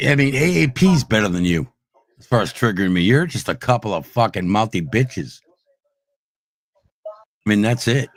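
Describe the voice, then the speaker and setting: A man's voice: fairly low pitch, sing-song, normal speed, pauses often. A man hosting a livestream, ranting angrily and profanely, repeating himself as he challenges his critics. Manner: profane, combative, repetitive. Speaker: livestream host. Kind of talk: angry livestream rant.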